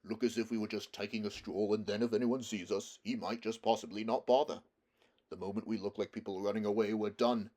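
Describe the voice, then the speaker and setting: A man's voice: on the low side, fairly even intonation, brisk, a little mellow, natural voice. A man doing a dour, grumbling marsh-wiggle. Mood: cautious. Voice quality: dour, muttering delivery. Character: gloomy, grumbling male marsh-wiggle, long-limbed and frog-handed. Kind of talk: audiobook character voice.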